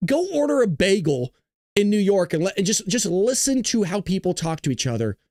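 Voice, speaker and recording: Southern Californian man host, playful rambler, lively pitch, dry close mic. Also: brisk, no room sound. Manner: joking, animated, rambling. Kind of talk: livestream commentary.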